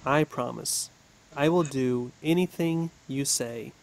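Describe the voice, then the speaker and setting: A man reading a storybook, voicing a poor, desperate father of a crowded home who pleads slowly for help. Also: medium pitch, vocal fry, a little hiss or hum. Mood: earnest. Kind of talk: storybook reading for English learners.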